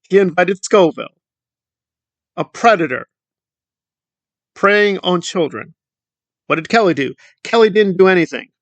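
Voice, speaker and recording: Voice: mid-range voice, a bit bright, dry recording. A commentary YouTuber ranting in a sarcastic, scornful tone.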